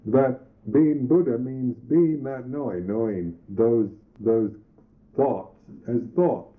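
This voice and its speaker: A Buddhist monk teacher giving a reflective meditation talk, pausing and restarting his phrases often. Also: medium pitch. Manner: slow, reflective, halting with restarts. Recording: tinny lo-fi old recording.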